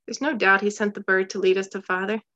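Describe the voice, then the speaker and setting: A woman's voice: medium pitch, steady tone, fast, pushed and bright, dull audio, lightly acted. A woman reading as a frightened young sister. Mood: earnest. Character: trembling, frightened young girl, his sister.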